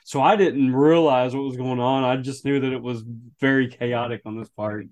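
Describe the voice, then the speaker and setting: A man's voice: mid-range voice, normal speed, dull audio. Male podcast co-host, mid register, easygoing reactions. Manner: relaxed, reads from notes. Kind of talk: casual movie podcast chat.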